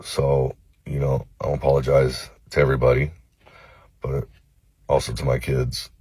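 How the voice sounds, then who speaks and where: A man from Los Angeles recording a phone-camera apology video, halting and cursing, with many pauses and fillers. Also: very deep voice, level tone, darkish tone, breathy edge, dry recording. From Los Angeles, United States. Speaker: vlogger.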